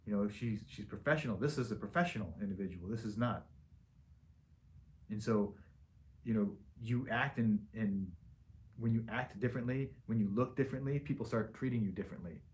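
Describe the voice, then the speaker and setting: A man's voice: lowish voice, a little fast, darkish tone, a little hiss or hum. A man speaking as a liposuction surgeon in a casual patient Q&A, frank and plain-spoken, with loose restarts.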